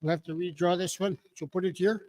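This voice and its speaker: A man emceeing a community meeting, calling out draw numbers slowly with jokes. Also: sits high, steady tone, darkish tone. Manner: jokey, drawn-out number calling.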